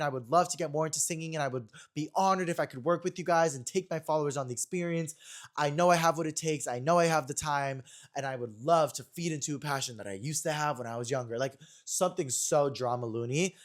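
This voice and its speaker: A young man hosting his own podcast, telling a story in a chatty, animated way and talking fast. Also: on the high side. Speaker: podcast host. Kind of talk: casual chat.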